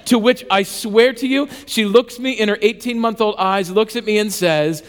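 High-voiced pastor in a reverberant hall. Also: male voice, normal speed, smooth. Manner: self-mocking storyteller, animated and conversational with frequent restarts. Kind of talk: sermon with a comic personal story.

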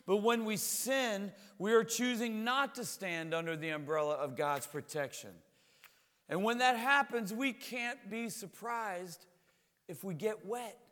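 A man's voice: sits high, pushed and bright, long reverb tail. A man preaching a sermon as a pastor, talking in a conversational way and often repeating words as he goes.

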